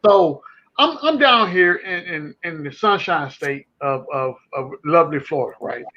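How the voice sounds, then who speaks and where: A man co-hosting a casual sports chat, animated and rambling, with many restarts. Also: fairly high pitch, normal speed, highs cut off. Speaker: podcast co-host. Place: home.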